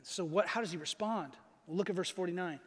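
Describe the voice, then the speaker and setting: A man pastor giving a conversational sermon, stressing key phrases by slowing down and checking in with his listeners. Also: high-pitched. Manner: conversational, asks the audience questions. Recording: long reverb of a large hall.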